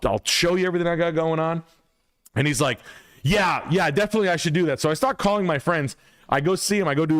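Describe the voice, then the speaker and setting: A realtor who also hosts a live stream tells a story casually, swearing a lot and acting out both sides of an argument. His medium-pitched voice is recorded cleanly in a studio with no echo.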